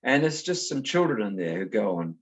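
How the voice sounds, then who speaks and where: A middle-aged man from New Zealand, a guest author talking casually in an interview and telling lively anecdotes. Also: lowish voice, fairly quick. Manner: animated storyteller, acts out voices in anecdotes. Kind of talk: conversational interview.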